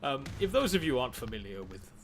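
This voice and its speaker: A man's voice: mid-range voice, very animated, fast, faint music behind. Dry, stammering man narrating a game. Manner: dry, wry, stammering with many restarts. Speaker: gaming video host. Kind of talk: let's play commentary.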